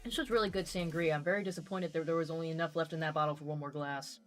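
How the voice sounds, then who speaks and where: A woman's voice: low voice, fairly even intonation, racing, faint music behind. A young adult woman streamer chatting casually, teasing her guests and reading viewer comments aloud. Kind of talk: casual chat on a crochet and gaming stream.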